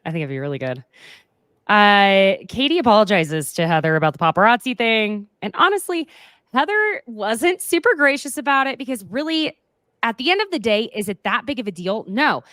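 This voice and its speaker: A young woman hosting a casual recap chat, talking quickly with sarcastic asides and frequent laughs. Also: mid-range voice, expressive, a bit bright, no echo, clean studio sound. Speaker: podcast host.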